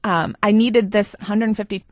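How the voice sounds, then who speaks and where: A woman telling her story as an interview guest, animated and quick to laugh. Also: medium pitch, no echo, clean studio sound. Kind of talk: personal interview recollection.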